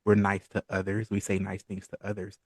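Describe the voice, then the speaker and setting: A man who is a guest on a podcast, speaking in a calm, encouraging coaching manner. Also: fairly low pitch, a little fast, breathy edge, dry recording. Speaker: podcast guest, holistic and spiritual entrepreneur. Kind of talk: casual podcast interview.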